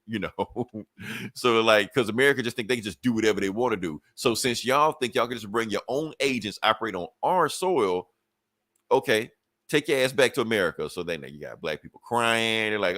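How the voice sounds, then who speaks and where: A man's voice: lowish voice, animated, fairly quick, a bit bright, dry recording, clean studio sound. A man co-hosting a podcast, casually retelling a comic book story and acting out the characters' lines with cursing. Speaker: podcast co-host.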